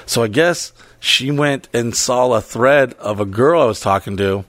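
A man's voice: medium pitch, a little slow, a bit bright, no room sound. A man telling a story in casual podcast chat, rambling, swearing freely and laughing as he goes.

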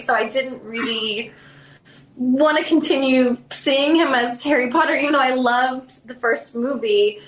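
Chatty Southern-accented woman, echoey room. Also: a little high. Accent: Southern American. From South Carolina. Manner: chatty, animated, many fillers. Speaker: actress, interview guest. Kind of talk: casual interview storytelling.

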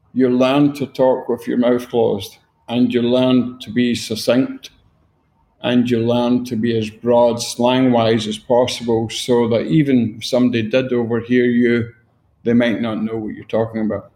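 A man's voice: medium pitch, warm tone, reverberant. A middle-aged man from Scotland with a Glaswegian accent, talking bluntly and swearing freely in a casual interview. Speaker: guest.

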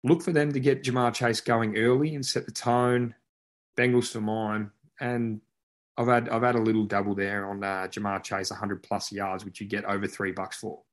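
A man's voice: on the low side, level tone, moderate pace. An Australian man co-hosting a podcast, giving sports picks in a matter-of-fact way, full of stats. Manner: matter-of-fact, stat-heavy. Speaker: podcast co-host. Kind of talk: casual sports chat.

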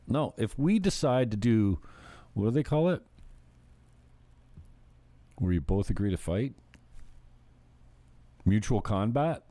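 A man's voice: on the low side, animated, measured pace, pauses often, mellow, dry recording. A male show host ranting casually, blunt, profane and mocking. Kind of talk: casual crude comedy rant.

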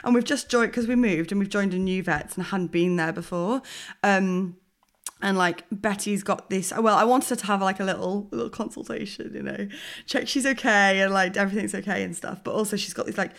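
A young woman co-hosting a podcast, chatting casually and laughing through her own story. Her voice sits mid-range and she tells it with animated, self-mocking energy. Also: medium pitch, brisk, gravelly. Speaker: podcast co-host. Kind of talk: casual chat.

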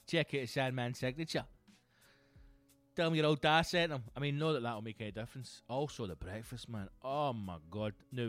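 A Scottish comedian rattles through stories in a sweary, animated monologue. His pitch is mid-range for a man, and faint music plays underneath. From Scotland. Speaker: comedian and podcast host.

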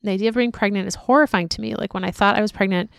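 A woman's voice: mid-range voice, rapid-fire, gravelly, smooth, no room sound, clean studio sound. A woman co-hosting a casual podcast, reading listener emails aloud with chatty asides. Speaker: podcast co-host.

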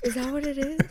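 A woman's voice: high voice, a bit bright. A woman co-hosting a casual podcast, swearing casually and steering the talk back on topic. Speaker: podcast co-host. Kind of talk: casual chat.

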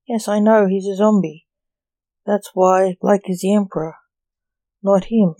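A talking red fox, blunt and curious, who keeps pressing with questions, as a storyteller puts it on. The delivery is slow and mellow. The sound is dry, with no room echo. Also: medium pitch, steady tone, natural voice. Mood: probing.

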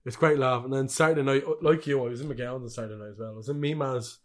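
A man's voice: mid-range voice, steady tone, rapid-fire. A young man from co-hosting a football podcast, rowdy, sweary and laughing a lot. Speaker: podcast co-host. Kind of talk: casual football podcast chat.

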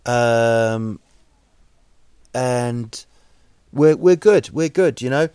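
A man with a New Zealand accent hosting a solo podcast, rambling deadpan jokes with many fillers and restarts. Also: medium pitch, very slow, smooth, no echo, clean studio sound. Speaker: podcast host. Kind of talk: solo comedic podcast monologue.

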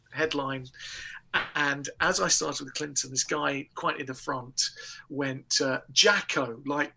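Husky bright-voiced man telling a story. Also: on the high side. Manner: animated storytelling with laughter and restarts. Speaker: guest comedian. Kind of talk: casual anecdote on a talk show.

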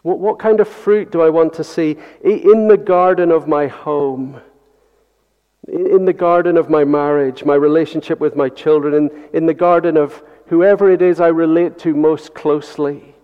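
Delivering an earnest Sunday sermon, this pastor repeats key phrases and directs rhetorical questions at his congregation. He speaks at a normal speed in a fairly high, steady, clean voice. The church recording sounds dull and has long hall reverb.

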